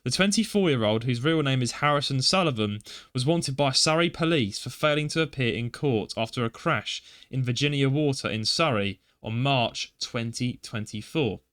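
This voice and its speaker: A man's voice: mid-range voice, animated, normal speed, hardly any pauses, a bit bright. A man co-hosting a podcast in casual chat, rambling with fillers and restarts, sometimes reading news aloud. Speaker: podcast co-host.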